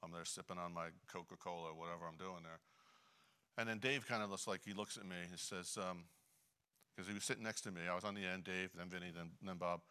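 Deep-voiced man giving a chatty sermon. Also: level tone, brisk, sharp tone. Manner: chatty, many "you know" fillers, frequent throat clearing. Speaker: Bible teacher. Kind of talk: conversational sermon with a personal story.

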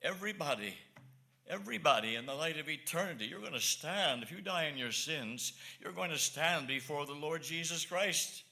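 An evangelist preaches a sermon in a slightly high voice with vocal fry, at a moderate pace and in an animated manner. Earnest and repetitive, he swings between soft asides and emphatic lines.

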